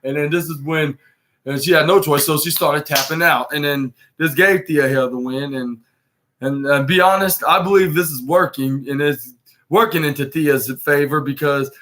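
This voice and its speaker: Rambling man with a slightly high voice. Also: a bit bright. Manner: rambling, with frequent restarts and self-corrections. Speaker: podcast host. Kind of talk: casual recap of a wrestling show.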